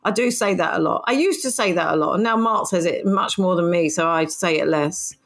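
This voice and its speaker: A middle-aged woman with a fairly low, brisk voice co-hosts a laid-back podcast conversation, frequently laughing and bickering in good fun. Her audio comes through a home podcast mic.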